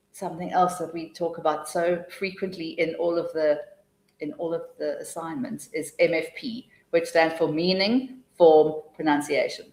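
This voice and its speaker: Woman trainer, lower voice, chatty and lively, online teaching webinar, echoey room. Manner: chatty and lively, laughing often, thinking aloud between points. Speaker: TEFL trainer leading a webinar.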